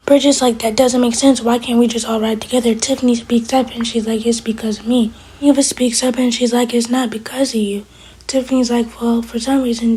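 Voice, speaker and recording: A woman's voice: fairly high pitch, a little mellow, breathy edge, rough recording. A woman hosting her own channel, casually retelling a TV episode scene by scene. She quotes each character's lines in much the same voice as her own narration. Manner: rapid retelling that quotes characters in a barely changed voice. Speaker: TV episode reviewer and channel host.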